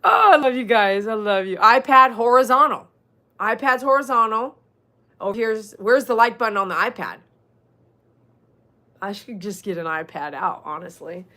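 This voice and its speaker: With a Texan accent, a middle-aged woman who grooms dogs banters with her livestream audience, reading the chat and laughing at her own jokes. Her voice sits a little high, pushed and bright, at a moderate pace.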